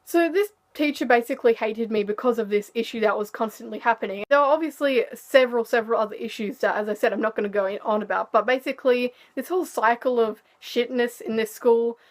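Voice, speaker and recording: Teen girl vlogger, slightly high, candid and sarcastic storyteller. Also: fast, few pauses. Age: teens. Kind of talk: storytime vlog.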